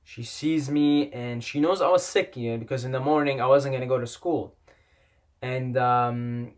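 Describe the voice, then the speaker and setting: A man's voice: medium pitch, normal speed. A young man whose first language is not English, telling a personal story in a rambling, repetitive way and swearing often. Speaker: vlogger. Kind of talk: casual storytelling.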